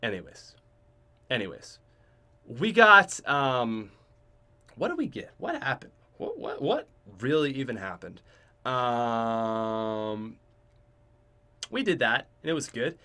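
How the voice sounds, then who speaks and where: A young man hosts a casual podcast and rambles through a story with a lot of self-mockery. His voice is bright and edgy, his pitch climbs and drops all over the place, and he keeps restarting sentences and trailing off. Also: big pitch swings, slow, long pauses. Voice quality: chatty, joking, self-mocking. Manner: restarts and trails off often, swings loud and soft. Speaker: podcast host.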